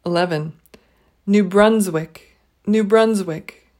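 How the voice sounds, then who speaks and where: A woman leading a pronunciation drill, saying each word twice, clearly and slowly. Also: medium pitch, darkish tone. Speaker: pronunciation teacher. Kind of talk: slow, deliberate pronunciation drill.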